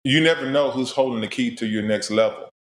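A man's voice: mid-range voice, brisk. Middle-aged man telling stories in an echoey room. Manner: animated storyteller, acts out past conversations. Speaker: podcast guest, musician. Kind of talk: casual storytelling interview.

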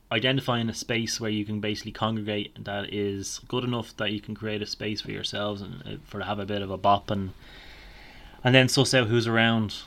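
A man, co-hosting a podcast in relaxed, conversational chat and chuckling often. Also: lowish voice. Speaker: podcast co-host. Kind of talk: casual chat.

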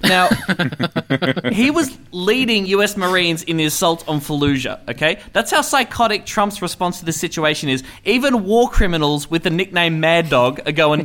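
A man runs a satirical comedy podcast in a slightly high voice. He talks in a sarcastic, mock-earnest way and keeps chuckling through his own jokes. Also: animated, a little fast, fairly bright tone.

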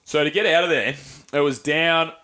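An Australian man on a podcast, telling a rowdy story in casual chat, animated, often laughing and doing voices. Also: a little high, normal speed. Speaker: podcast co-host.

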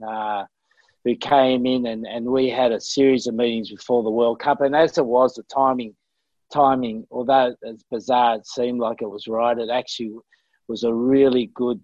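An older Australian man hosting a podcast, speaking thoughtfully with many pauses and fillers. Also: medium pitch, darkish tone, dry recording, highs cut off. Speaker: podcast host, coach. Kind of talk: reflective conversation. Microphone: remote call.

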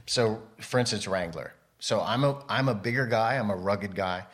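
A man's voice: on the low side, moderate pace, fairly bright tone. A man talking as a podcast guest in a casual interview, rambling and breaking off his own sentences as he tells stories. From United States. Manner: rambling, self-interrupting storyteller. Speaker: podcast guest, model and photographer.

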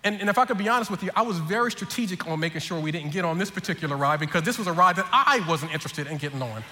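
A pastor preaches with tons of energy, telling a funny family story and voicing every relative's lines himself. His voice sits high and he talks very fast. The hall gives a long reverb, with faint ambience underneath.

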